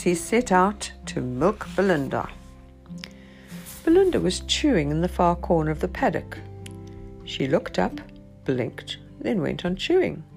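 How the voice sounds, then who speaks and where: A woman's voice: lowish voice, gravelly, a little mellow. A woman reading a children's picture book aloud in a sing-song storybook rhythm.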